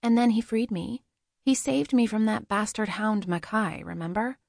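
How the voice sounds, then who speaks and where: A woman voicing a warm, teasing young woman friend in an audiobook, with an affectionate, playfully scolding manner. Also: medium pitch, normal speed, creaky, dry recording, studio quality, voice pushed up, lightly acted. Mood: defending.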